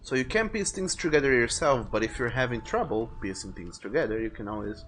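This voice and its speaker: A man streams a game live and chats casually and jokingly as he plays. His voice moves a lot in pitch, and faint music plays behind him. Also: lively intonation, brisk, hardly any pauses, a bit bright. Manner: joking, chatty. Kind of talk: casual let's-play commentary.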